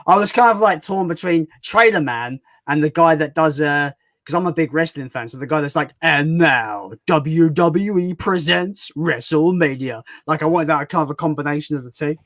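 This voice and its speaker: A man hosting a casual livestream chat, talkative and quick to laugh. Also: fairly high pitch, fairly bright tone, no room sound. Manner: chatty, laughs often. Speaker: YouTube channel host.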